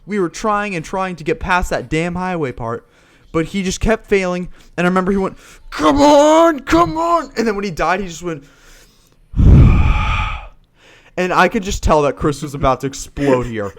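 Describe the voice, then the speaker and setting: A teenage man telling stories in a casual podcast chat, animated and laughing, swearing freely. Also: high-pitched, a little fast. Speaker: podcast co-host.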